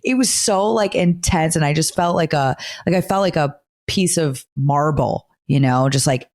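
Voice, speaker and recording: Podcast host, therapist, mid-pitched voice, animated, swears freely, casual chat. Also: normal speed. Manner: animated, profane storytelling.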